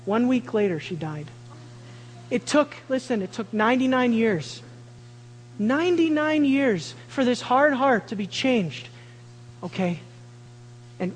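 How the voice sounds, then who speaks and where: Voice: mid-range voice, expressive, unhurried, long pauses, slightly rough, in a large hall, poor audio. A preacher giving a sermon, telling a family story and acting out the voices of the people in it.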